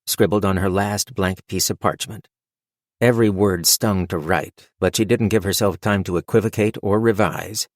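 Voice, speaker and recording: A man narrating a fantasy audiobook in a measured, wry storytelling manner on a close mic. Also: sits low, no echo. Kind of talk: scripted narration.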